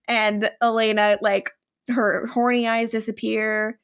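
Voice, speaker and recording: A young woman co-hosting a podcast, recapping a TV episode in an animated, casual way that is full of "like". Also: mid-range voice, measured pace. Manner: animated storytelling, acts out quoted lines, frequent "like". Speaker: podcast co-host.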